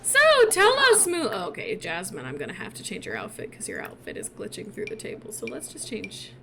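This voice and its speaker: A woman giving casual, chatty game commentary with excitable, gushing reactions. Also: on the low side, a little fast, gravelly, a crowd in the background. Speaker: gaming YouTuber.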